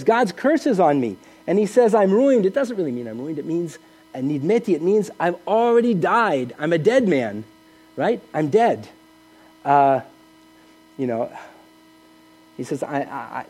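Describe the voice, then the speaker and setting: A middle-aged man preaching in a high voice with a mellow, warm tone. He talks earnestly and conversationally, restarting phrases and asking rhetorical questions. A faint mains hum sits under the recording. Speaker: pastor. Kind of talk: sermon.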